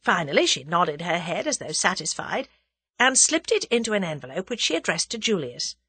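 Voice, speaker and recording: A woman narrating a novel as an audiobook in a measured, expressive reading. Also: on the low side, husky, no echo. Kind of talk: scripted narration.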